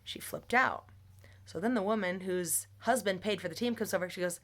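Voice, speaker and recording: A woman's voice: medium pitch, lively intonation, quick pace, sharp tone. A young woman venting to her phone camera in a rambling, heated monologue, swearing freely. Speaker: vlogger.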